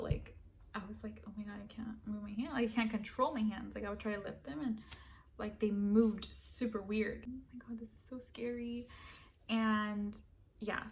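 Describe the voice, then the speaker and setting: A young woman telling a personal story in a casual, animated way, dropping to a whisper when she quotes herself. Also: mid-range voice, vocal fry. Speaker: vlogger.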